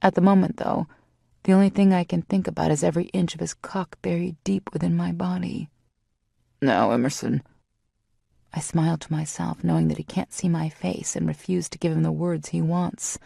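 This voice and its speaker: A woman narrates a first-person romance audiobook in an intimate, steady way. Her lowish voice is husky, dark and full of vocal fry. The recording is close and dry. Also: a little fast, no echo.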